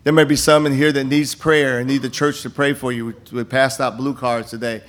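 With a mid-range, slightly bright voice and a flat, brisk delivery, an older campus minister speaks to his congregation in the church sanctuary. His appeal and testimony come through folksy stories riddled with restarts.

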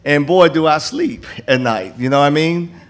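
An older man with a drawl addresses a church congregation as a campus minister, his voice sitting a touch high. He tells homespun stories, often stumbling over his words and starting sentences again. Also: animated, normal speed. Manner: folksy storytelling with many repeated restarts. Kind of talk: church appeal and testimony. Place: church sanctuary.

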